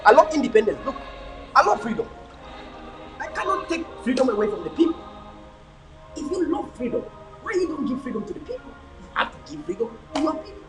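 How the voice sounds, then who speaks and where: Brisk and sing-song, a very high-pitched man with a Cameroonian English accent pauses often as he chats with livestream viewers outdoors, music playing in the background. He's a motivational speaker who repeats words for emphasis and films on a phone he turns himself, and the recording is rough.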